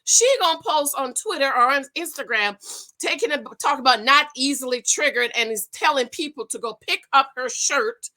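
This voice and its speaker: Forties woman, high and bright, sassy chatty recap host. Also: animated, normal speed. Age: 40s. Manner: chatty, sassy asides like "honey" and "girl". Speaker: reality show recap vlogger. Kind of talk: casual commentary.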